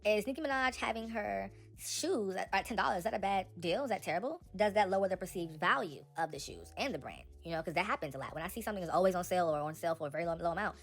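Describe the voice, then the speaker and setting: Fast-talking animated woman vlogger. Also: lowish voice, soft background music. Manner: animated, talks straight to viewers as "y'all". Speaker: celebrity gossip vlogger. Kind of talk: casual chatty commentary.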